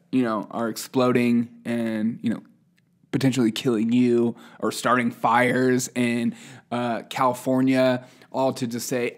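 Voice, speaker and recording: A man hosting a casual news podcast, reading headlines with sarcastic, chuckling asides and a loose, unscripted manner. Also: mid-range voice. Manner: loose, unscripted delivery with fillers. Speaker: podcast host.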